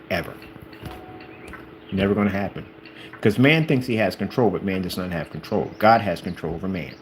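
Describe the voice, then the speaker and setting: A man's voice: fairly low pitch, darkish tone, a little hiss or hum, poor audio. A man giving an informal religious talk, emphatic and preachy, acting out the people in the stories he tells. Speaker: channel host.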